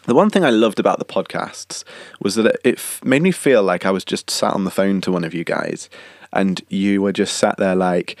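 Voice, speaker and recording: A deep-voiced young man, coughing slightly, hosts his podcast at a normal speed in a loose, chatty monologue, rambling and correcting himself. He's a podcast host and singer-songwriter, and the recording is dry and studio-clean.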